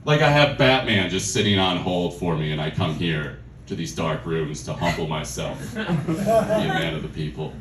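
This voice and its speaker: A man's voice: deep voice, big pitch swings, normal speed, fairly bright tone, slight background noise. A male stand-up comedian telling an exasperated story in a comedy club, sometimes swearing. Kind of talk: stand-up set. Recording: roomy club sound from a distance.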